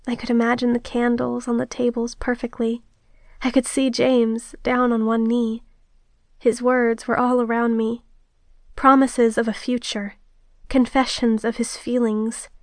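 A female audiobook narrator tells a first-person romance in a steady, intimate way. Her voice sits fairly high and sounds close and dry, with no room around it. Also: a little slow, dry recording.

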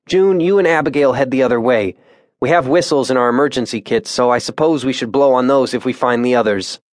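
A man's voice: medium pitch, a little fast, no echo, clean studio sound, close to an everyday voice. A male narrator giving a level, practical voice to a man who takes charge of the group. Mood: calm.

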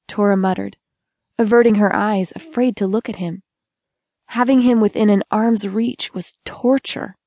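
A woman reads a romance audiobook in a steady, expressive way, with a medium pitch. The close studio mic gives a completely dry sound with no room echo. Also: normal speed. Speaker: audiobook narrator. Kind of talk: scripted audiobook narration.

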